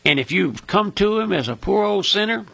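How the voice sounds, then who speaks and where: A man's voice: high-pitched, expressive, normal speed, gravelly, bright, forceful tone, slightly rough, no room sound. An older man with a Mississippi Southern accent, preaching a folksy, fervent radio sermon that is full of "my friend" and "listen".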